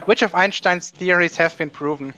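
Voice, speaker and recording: A man hosting a casual online group call, quick and chatty and laughing often. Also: sits high, sharp tone, highs cut off. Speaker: hangout host. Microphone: computer mic on a video call.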